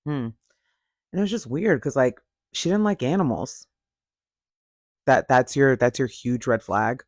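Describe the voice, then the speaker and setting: A man's voice: mid-range voice, measured pace, dry recording, clean studio sound. A man giving a blunt, sassy and profane casual recap of a reality TV show.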